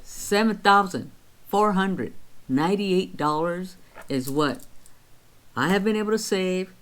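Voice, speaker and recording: A woman's voice: fairly low pitch, expressive, a little slow. A woman in her sixties chatting casually on her vlog, counting her savings aloud and telling stories of her week. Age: 60s. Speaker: vlog host. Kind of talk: casual chat.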